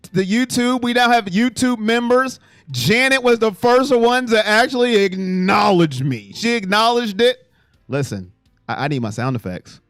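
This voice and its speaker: Male stream host, high-pitched and very lively, dry close sound with faint music behind. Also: clean tone, dry recording. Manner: animated, jumps between low mutters and loud exclamations. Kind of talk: casual live chat reading fan comments.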